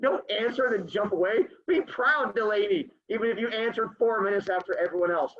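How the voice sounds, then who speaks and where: A male teacher with a high, brisk voice reads aloud to his class over a video call, slipping in playful jokes for the students between passages. The recording sounds dull and lo-fi.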